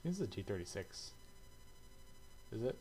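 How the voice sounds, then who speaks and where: A man's voice: on the low side, sing-song, moderate pace, warm tone, a little hiss or hum, rough recording. A man giving casual, rambling commentary full of swearing and fillers, reacting aloud as he browses online. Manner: rambling and profane, many fillers. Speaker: airsoft video creator.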